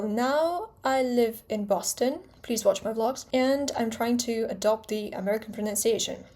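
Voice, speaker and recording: A woman's voice: on the high side, moderate pace, hardly any pauses, a little mellow. A young woman whose first language is Russian, speaking English with a British accent in a chatty, candid vlog lesson, often correcting herself as she explains. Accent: British English with a Russian background. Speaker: language teacher and vlogger.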